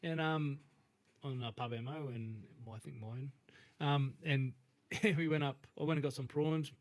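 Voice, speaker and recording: A man's voice: medium pitch, fairly even intonation, measured pace. An Australian man, a father, co-hosting a podcast and telling a laid-back fishing story with plenty of swearing and laughter. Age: adult with a young son. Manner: laid-back yarn-spinning, swears freely, laughs often. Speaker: podcast co-host. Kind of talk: casual storytelling chat.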